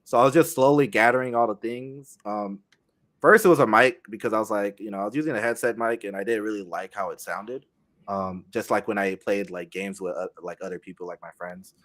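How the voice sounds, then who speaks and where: A young man chatting casually as a guest on a streaming podcast, speaking haltingly with many pauses and restarts. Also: lowish voice, steady tone. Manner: halting, many fillers and restarts, soft-spoken.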